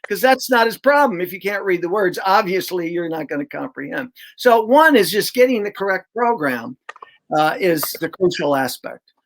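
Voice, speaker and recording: A man's voice: high voice, fairly bright tone. An older man speaks as a veteran reading coach, explaining his methods with emphatic conviction. He breaks words into syllables aloud as he talks. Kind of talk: conversational explanation.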